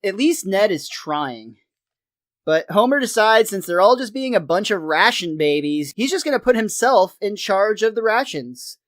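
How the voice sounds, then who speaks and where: A man's voice: high-pitched, lively intonation, moderate pace, few pauses, fairly bright tone, dry recording. Casual male co-host, recaps with laughs, dead dry recording. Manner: chatty, laughs between lines. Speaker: podcast co-host.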